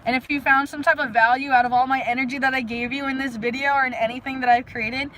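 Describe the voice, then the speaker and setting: A woman hosting a casual live stream outdoors, talking energetically and rambling to her viewers with lots of fillers and sudden loud bursts. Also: high voice, fairly even intonation, quick pace, hardly any pauses, slight background noise, low-quality recording. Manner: frequent "like" fillers. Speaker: livestream host. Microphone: phone live stream.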